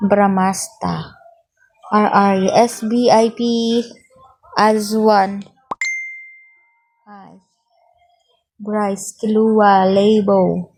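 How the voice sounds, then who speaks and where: A woman's voice: medium pitch, flat delivery, drawn-out words, long pauses, darkish tone, poor audio. A young woman, casually chatting on a livestream and reading out viewers' names while she asks for support. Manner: mixes English with Filipino phrases. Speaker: livestream host.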